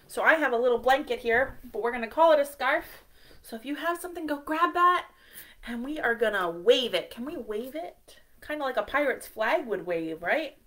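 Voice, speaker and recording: A woman's voice: high voice, expressive, normal speed, bright, forceful tone. A woman leading a children's library storytime, singing short rhymes and coaxing young kids to join in. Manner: cheerful sing-song, coaxing young children.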